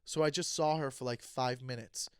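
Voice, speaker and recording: A man's voice: mid-range voice, steady tone, moderate pace, clear, resonant tone, no echo, clean studio sound. A comedian hosting his podcast, telling a story in a heated, profane rant and acting out both sides of the conversations. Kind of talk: casual storytelling monologue.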